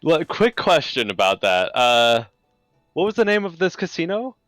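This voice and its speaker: A man at a tabletop game, wry and joking as he narrates what his character does. His pitch moves in a lively way, with faint music behind. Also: normal speed, no echo. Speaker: player. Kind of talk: casual tabletop game chat.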